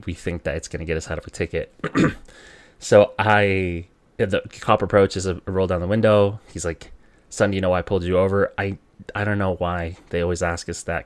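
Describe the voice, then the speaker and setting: A young man from the Philippines casually retelling a personal story, animated and acting out the dialogue. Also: low voice, no echo.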